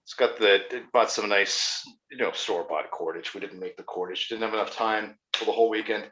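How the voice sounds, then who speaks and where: Bright-voiced man, rambling chat. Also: fairly low pitch, fairly quick, highs cut off. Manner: rambling, enthusiastic. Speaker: podcast co-host. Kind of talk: casual live-stream chat.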